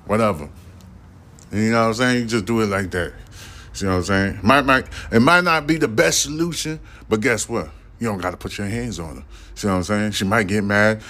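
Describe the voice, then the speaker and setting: A man's voice: on the low side, a little fast, a bit bright. A man hosting a podcast, reading news items and giving loose, profane commentary. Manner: loose, profane, acts out imagined dialogue. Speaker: podcast host.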